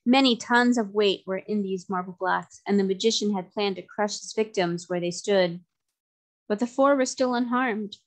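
Woman, storybook narrator, reading a children's novel aloud, steady pace. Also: mid-range voice, moderate pace.

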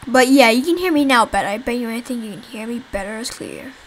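A woman's voice: on the high side, fast, poor audio. A young woman casually commenting while she plays a zombie game she made herself, rambling and swearing at the enemies. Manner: rambling, swears, talks to viewers while playing. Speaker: game developer playing her own game.

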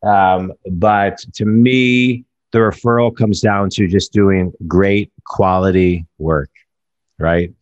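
A man's voice: sits low, fairly even intonation, slow, no room sound, lo-fi sound. A man talking as a business coach in a casual podcast conversation, rambling and restarting his phrases.

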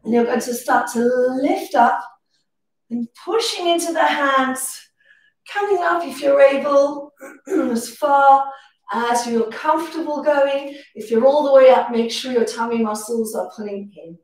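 Breathy-cued woman pilates instructor, echoey. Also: high-pitched, unhurried. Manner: breath-cued, encouraging counting. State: slightly out of breath. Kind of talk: guided workout instruction. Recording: echoey room, distant mic.

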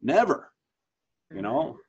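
A pastor in his fifties leads a Bible study over a video call, chatting conversationally, asking questions and often restarting his sentences. His voice is slow with a darkish tone, and the call audio is dull and lo-fi.

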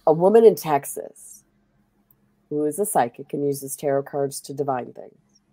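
Woman host, deep and dry, rambling storyteller. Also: lively intonation, moderate pace, warm tone, dry recording. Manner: chatty, rambling storytelling with fillers. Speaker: streamer host. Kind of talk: casual chat while playing a game.

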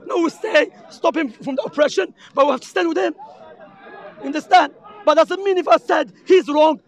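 A man's voice: extremely high pitch, moderate pace. A man with an Arabic accent, preaching heatedly and insistently to a crowd outdoors in a public park, repeating his points. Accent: Arabic-accented English. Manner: impassioned, insistent, repeats himself. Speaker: street preacher debating a crowd. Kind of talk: heated street debate.

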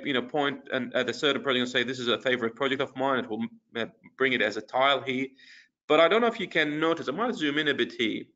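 A man presenting a webinar, walking through a software demo in a casual way, with lots of fillers and restarts. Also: medium pitch. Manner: casual, many fillers and restarts while clicking through screens. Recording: dull lo-fi webinar audio.

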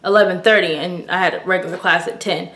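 A woman's voice: on the low side, fairly even intonation, fast talker, fairly bright tone. Dramatic young woman, echoey room. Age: young adult. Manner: breathless and dramatic, heavy use of "like". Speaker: vlogger. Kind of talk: story-time retelling.

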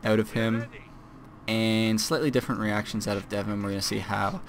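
A man's voice: fairly low pitch, steady tone, normal speed. A young man giving casual, self-deprecating commentary on a strategy game replay, with fillers and restarts.

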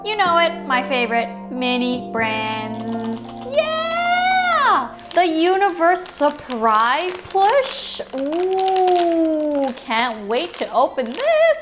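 A woman's voice: high voice, very animated, slow pace, few pauses, over music. A woman hosting a toy unboxing video, bubbly and playful, chatting as she opens each item and sometimes slipping into silly voices for the toys.

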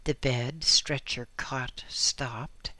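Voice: medium pitch, steady tone, drawn-out words, sharp tone, no echo. A reader narrating a first-person memoir with dry, wry asides. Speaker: audiobook reader.

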